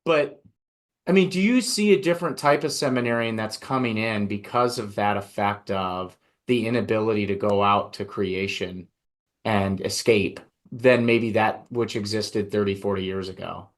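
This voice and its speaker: A man's voice: lowish voice, moderate pace. A male podcast host who asks questions and tells stories in a casual, rambling way. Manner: conversational, storytelling, many fillers.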